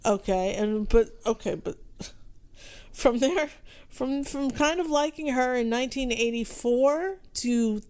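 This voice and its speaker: Woman, podcast co-host, somewhat high voice, casual chat, teasing. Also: measured pace, a little mellow, clean tone.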